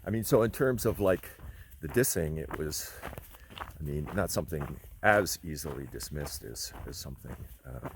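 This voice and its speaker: A man hiking outdoors and talking into his camera, rambling and reflective with lots of pauses and fillers. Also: rumbling low, lively intonation, gravelly, a little hiss or hum. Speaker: long-distance hiker vlogging. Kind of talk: casual spoken trail diary.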